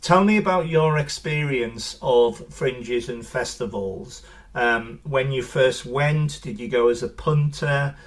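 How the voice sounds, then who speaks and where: Male podcast host, mid-pitched, enthusiastic, long rambling questions. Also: slow pace. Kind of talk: casual interview chat.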